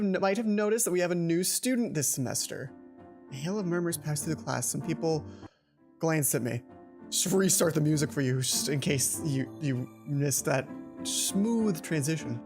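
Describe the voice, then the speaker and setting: A man hosting a let's play, reading the game's text aloud and breaking off into stumbling asides. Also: a little high. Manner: stumbling self-interrupting asides, restarts.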